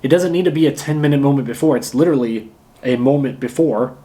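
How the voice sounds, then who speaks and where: A man acting coach giving a casual lesson to camera, energetic and emphatic, often pausing to demonstrate. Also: medium pitch. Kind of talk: casual instructional talk to camera.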